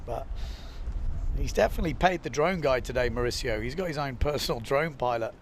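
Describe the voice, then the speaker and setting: A man's voice: medium pitch, brisk, slight background noise. A young adult man giving live windsurfing commentary, chatty and loose, often using filler phrases and reading out viewer comments. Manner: chatty, reads viewer comments, frequent "you know" fillers.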